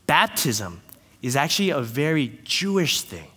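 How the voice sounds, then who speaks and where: Man, pastor, lively sermon, jokey storyteller, swooping lively pitch. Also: measured pace, big-room sound. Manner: animated, jokey storytelling with playful asides. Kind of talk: lively sermon to a congregation with kids.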